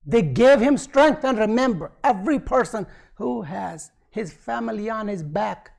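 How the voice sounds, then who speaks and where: A man's voice: high-pitched, animated, a little slow, creaky, a little mellow. Man preaching, quoting Arabic then explaining. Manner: quotes Arabic passages then explains in English; asks the audience questions and answers them himself. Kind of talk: sermon. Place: community centre hall.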